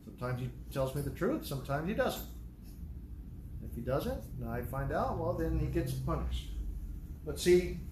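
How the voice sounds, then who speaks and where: A man with a high voice preaches with an earnest, emphatic push, often backing up to restart a phrase. His words ring out in a roomy, echoing hall over a faint hum of background noise. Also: expressive, moderate pace, long pauses. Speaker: pastor. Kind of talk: sermon.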